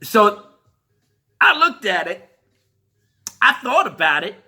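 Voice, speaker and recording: A man's voice: high-pitched, sing-song, takes it slowly, bright, forceful tone. A man giving a heated, profane ranting commentary, laughing through his rant. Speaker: commentary vlogger.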